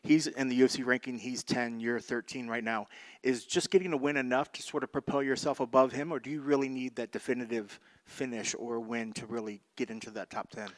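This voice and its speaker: Fast-talking male reporter. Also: mid-range voice, fairly even intonation, rough recording. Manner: rambling, long-winded questions. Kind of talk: asking interview questions.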